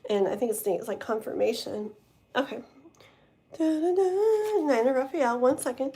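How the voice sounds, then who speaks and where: A woman with a slightly high voice runs a casual live tarot stream. She talks in a chatty, rambling way and reads card meanings aloud. Her voice sounds tired and strained. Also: a little fast, warm tone. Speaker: tarot reader. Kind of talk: casual livestream chat and card reading.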